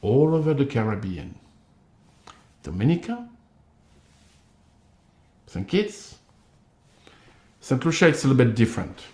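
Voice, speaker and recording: A man's voice: medium pitch, very animated, a little slow, long pauses, dark tone, roomy sound. Emphatic man with a tinged delivery. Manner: emphatic, accusatory, acts out others' replies. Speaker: commentator. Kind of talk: direct-to-camera monologue.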